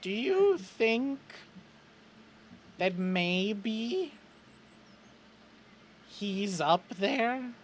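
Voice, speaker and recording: A man's voice: big pitch swings, drawn-out words, long pauses, slight background noise, exaggerated voice. A man voicing Chet, a grieving young male artificer who cries and clings to denial, his voice cracking as he sobs. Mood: wistful. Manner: sobbing, voice cracking up high.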